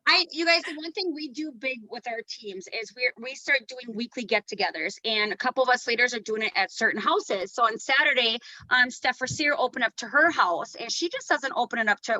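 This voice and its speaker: Bright, hyped woman hosting a video call. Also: a little high, brisk, hardly any pauses, no room sound, poor audio. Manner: upbeat, hyped, cheering on a teammate. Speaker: host. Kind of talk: motivational video call chat.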